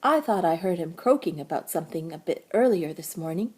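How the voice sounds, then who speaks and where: A woman's voice: on the low side, animated, brisk, breathy edge, voice pushed down. A woman voicing a gossipy, motherly female duck who quacks between her words in a children's storybook. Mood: fussy. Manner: fussy, quacking, loud.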